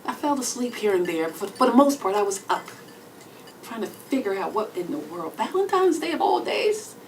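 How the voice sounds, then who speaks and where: A woman with a Texan accent performing a stand-up storytelling solo show, swinging between hushed whispers and loud exclamations. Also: mid-range voice, animated, moderate pace, slight background noise. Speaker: comedian. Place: comedy club stage. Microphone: stage microphone. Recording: distant mic with faint club ambience.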